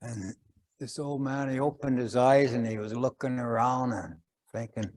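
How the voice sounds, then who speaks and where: A man telling a traditional winter story in a slow, gentle way, pausing often and voicing the characters. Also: medium pitch, fairly even intonation.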